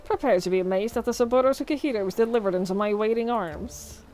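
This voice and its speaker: A woman streamer voicing a pompous, flamboyant gentleman inspector, reading game dialogue aloud with grandiose, theatrical declarations. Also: fairly high pitch, fast, soft background music, lightly acted.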